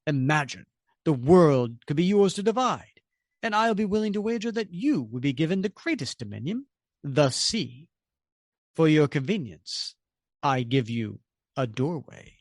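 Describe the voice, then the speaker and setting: A mysterious male schemer speaks in a formal, coaxing tone, as a man reads him from a comic. His voice is pitched above the reader's own. The sound is dry and close. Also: sing-song, a little slow, dry recording, exaggerated voice. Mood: persuasive. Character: mysterious powerful male schemer, smooth persuader.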